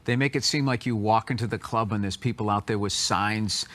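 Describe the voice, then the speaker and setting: A man's voice: on the low side, brisk, a bit bright. A man answering interview questions in blunt, opinionated casual talk, often restarting his sentences. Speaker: interview guest.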